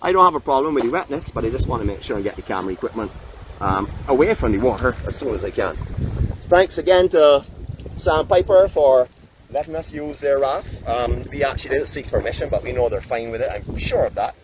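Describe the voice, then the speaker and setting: A man's voice: medium pitch, expressive, fairly quick. A Barbadian man hosting a live vlog from a raft off the beach, chatting like a welcoming tour guide, picked up by the camera mic with no external microphone. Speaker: vlog host. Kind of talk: live outdoor vlog narration. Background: faint wind.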